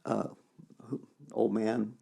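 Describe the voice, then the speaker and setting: A man co-hosting a podcast, talking about faith in an animated, emphatic way and quoting scripture. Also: lowish voice, takes it slowly, gravelly, breathy edge. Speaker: podcast co-host. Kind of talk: casual faith discussion.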